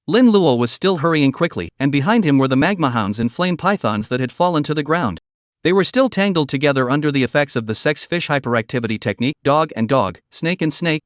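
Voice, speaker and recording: A man narrating a scripted story recap in a steady, even reading voice. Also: on the high side, no room sound, studio quality.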